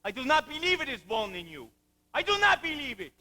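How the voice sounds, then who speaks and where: A man's voice: extremely high pitch, sing-song, quick pace, bright, forceful tone, full character voice. A teenage boy acting and singing as a heartbroken middle-aged French planter in a school musical on stage. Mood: pleading. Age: late teens. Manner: pleading, emphatic, sung passages. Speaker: student actor in a school musical.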